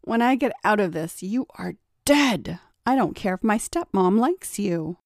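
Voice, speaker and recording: A woman's voice: medium pitch, animated, measured pace, dry recording, studio quality. A woman voicing a hostile, defiant young man in a read-aloud story, spitting threats. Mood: threatening.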